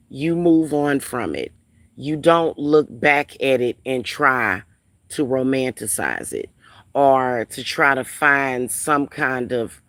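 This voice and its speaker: With a rumbling low voice on a dry recording, a woman vlogger and spiritual reader rants at home in a casual, blunt, profane way. She repeats phrases for emphasis.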